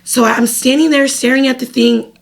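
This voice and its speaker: Young woman on a podcast, kinda gravelly and husky, chatty storyteller, says like a lot. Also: high voice, moderate pace. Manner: animated, laughing, lots of "like". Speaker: podcast co-host. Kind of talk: casual storytelling chat.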